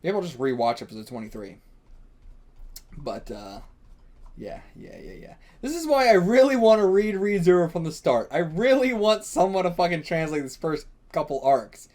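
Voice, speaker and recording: Excitable male reaction host, high and very animated, rambling delivery peppered with swearing. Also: normal speed. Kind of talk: live reading reaction.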